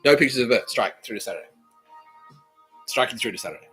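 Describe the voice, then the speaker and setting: Rambling, profane Australian man, bright voice. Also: medium pitch, lively intonation, fast talker, husky, faint music behind. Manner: profane, repetitive, swings between loud outbursts and mumbling. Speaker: podcast host. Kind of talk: rambling comedic monologue.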